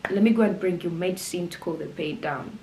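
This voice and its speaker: A woman voicing her little sister, who gently comforts her. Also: lowish voice, fairly quick, background noise, close to an everyday voice. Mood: comforting. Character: caring worried little sister.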